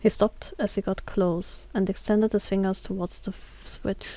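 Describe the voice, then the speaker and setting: A woman reading a visual novel aloud, steady with occasional slips and restarts. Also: medium pitch, moderate pace. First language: German. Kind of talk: reading game text aloud.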